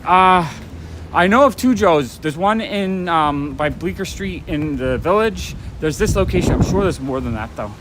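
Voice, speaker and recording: High-voiced man rambling on a rainy walk. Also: lively intonation, moderate pace. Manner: rambling, talks while walking, out of breath at times. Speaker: comic shop owner vlogger. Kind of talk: casual live-stream walk and talk. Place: outdoors on a rainy city street at night. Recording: faint street and traffic noise.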